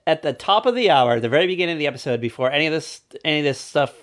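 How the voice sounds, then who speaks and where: A man's voice: on the high side, expressive, very fast, fairly bright tone. Rambling jokey male podcast co-host. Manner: rambling, jokey, acts out quotes in raised voices. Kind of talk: casual chat recapping a TV special.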